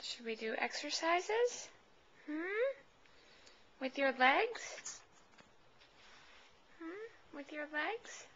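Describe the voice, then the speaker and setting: Mother, high bright voice, slow sing-song baby talk to an infant, muffled lo-fi camcorder sound. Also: very animated. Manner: sing-song, cooing, coaxing. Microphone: handheld camcorder. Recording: dull lo-fi camcorder audio.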